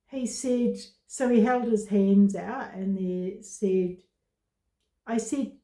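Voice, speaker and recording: A woman vlogger talking to camera about her own experience, in slow, halting speech with many pauses and fillers. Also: medium pitch, warm tone, reverberant. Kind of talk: casual personal talk to camera.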